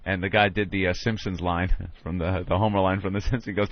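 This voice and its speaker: A man co-hosting a talk radio show, telling stories in an animated, profane way from a studio microphone. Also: fairly low pitch, brisk, hardly any pauses, a crowd in the background. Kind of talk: casual talk radio banter. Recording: dull, lo-fi dry studio sound.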